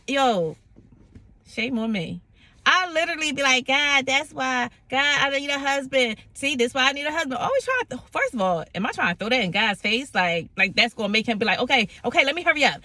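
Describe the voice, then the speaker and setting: A woman tells a personal faith story straight to camera, animated and dramatic, slipping into other voices as she goes. Her voice is bright and forceful and sits a little high. The sound is dry and close, with no room echo. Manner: laughing, self-mocking. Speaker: vlogger sharing a faith testimony.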